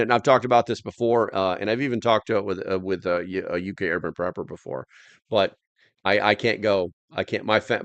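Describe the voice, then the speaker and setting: Man, livestream host, rambling chatty delivery, lowish pitch, dry sound. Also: no room sound, highs cut off. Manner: rambling, reads viewer comments aloud. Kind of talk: casual livestream chat.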